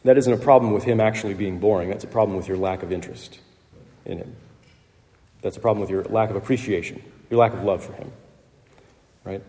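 A man's voice: fairly low pitch, fairly quick, pauses often, warm tone. A man preaching a sermon in a conversational way, with fillers and small laughs. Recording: long hall reverb.

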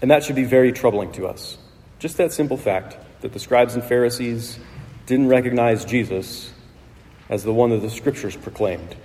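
A man preaching a sermon in a relaxed, conversational way, with asides to the congregation. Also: medium pitch, normal speed. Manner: conversational, with asides and light laughs. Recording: long reverb of a large hall.

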